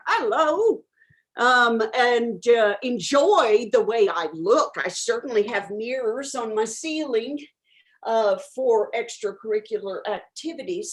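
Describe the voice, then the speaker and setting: A woman playing an eccentric self-declared medium who answers questions in a rambling, frank way, full of ums and uhs. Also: high-pitched. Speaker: guest answering audience questions. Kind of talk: improvised character comedy.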